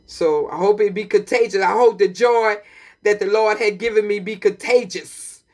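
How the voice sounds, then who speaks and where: A woman's voice: mid-range voice, moderate pace, a little mellow. A woman hosting a community radio broadcast, talking with preachy, emphatic passion and repeating her points. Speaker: radio host.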